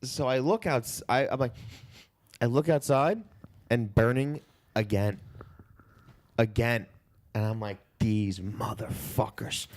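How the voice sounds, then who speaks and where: A man co-hosting a podcast, telling a story in casual chat and jumping into loud quoted outbursts. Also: mid-range voice, slow pace, long pauses. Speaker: podcast co-host.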